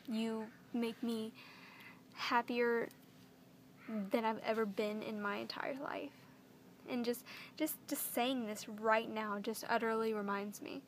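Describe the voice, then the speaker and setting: A young woman vlogging to camera, gushing and emotional as she repeats her words, with a creaky voice. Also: on the high side, a little hiss or hum. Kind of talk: earnest direct-to-camera vlog.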